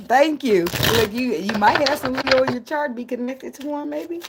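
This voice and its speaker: A woman's voice: sits high, a little slow, background noise. A woman giving a casual livestream tarot reading, blunt and profane, often breaking into laughs. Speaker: tarot reader.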